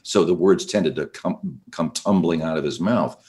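A man's voice: low-pitched, normal speed, a little mellow. A man, a biographer guest on a radio show, explaining history in a thoughtful storytelling way. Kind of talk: radio interview.

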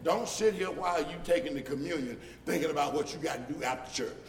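A male pastor preaching a sermon, building from quiet explaining to loud shouted points and mocking the voices of critics. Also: a little high, fast talker, crowd noise. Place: church sanctuary. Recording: echoey hall from far off.

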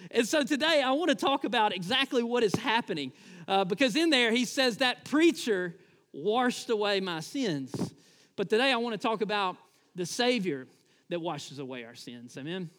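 A pastor preaching a sermon in a church, talking conversationally with frequent "uh" fillers. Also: male voice, sits high, animated, brisk, a bit bright, big-room sound. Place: church sanctuary.

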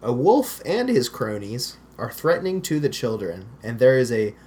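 Lively, laughing podcast co-host. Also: mid-range voice, normal speed, slight background noise. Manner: animated, laughs often, dry asides. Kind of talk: casual movie-review chat.

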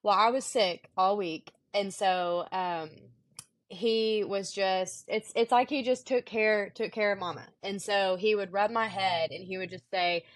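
A woman's voice: medium pitch, fairly even intonation, measured pace, dry recording. A young woman co-hosting a faith podcast, chatting casually and sweetly with many fillers. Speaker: podcast co-host. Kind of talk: casual chat.

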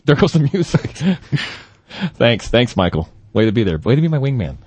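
A man's voice: medium pitch, sing-song, moderate pace, darkish tone, husky, dry recording. A man hosting a live talk radio show from a studio mic, playful and teasing, laughing often as he banters with guests. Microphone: studio broadcast mic.

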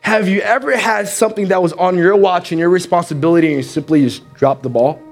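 A man with a high-pitched voice speaks a little fast over soft background music. He is preaching in church, telling a story with energy and acting out its characters in animated sermon storytelling.

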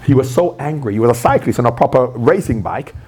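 A man being interviewed at a live event, telling animated stories, acting out quotes and laughing often. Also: mid-range voice, fast talker, slightly rough. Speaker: interview guest, former pro footballer. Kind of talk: animated anecdotal storytelling. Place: live event at a stadium venue.

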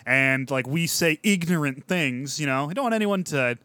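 A man's voice: fairly high pitch, lively intonation, moderate pace, pushed and bright, clean tone, no room sound. A man co-hosting a comedy podcast, rambling in casual banter with lots of filler words. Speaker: podcast co-host.

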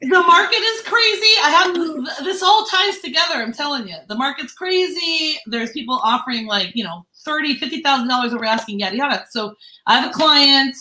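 Bright high-voiced woman telling a story. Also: brisk, roomy sound, low-quality recording. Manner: animated, profane, acts out quotes with voice swings. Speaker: real estate agent. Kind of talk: casual storytelling in a group chat.

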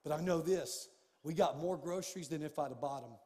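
High-voiced pastor preaching in a reverberant hall. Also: male voice, a little fast. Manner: animated, swings from hushed to shouting. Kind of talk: sermon storytelling.

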